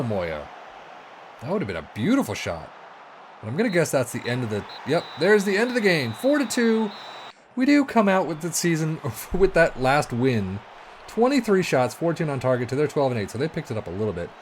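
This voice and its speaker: A man giving excitable, exasperated let's-play commentary on a football management game, swearing and talking to himself as the match goes. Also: fairly high pitch, slight background noise. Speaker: video game streamer.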